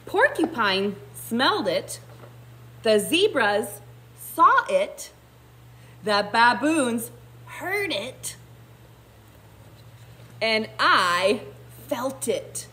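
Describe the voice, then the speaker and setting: A woman voicing an excited rhino in a storybook read-aloud, high and emphatic. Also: drawn-out words, long pauses, heavily acted. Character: excited big rhino announcing the rain.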